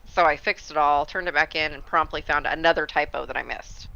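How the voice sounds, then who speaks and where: A man with a bright, fairly high voice that has a gravelly edge tells an animated, fretful story. His tone stays smooth and clear in a casual chat over a voice call. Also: brisk, lo-fi sound. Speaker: gaming stream crew member. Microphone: voice call headset.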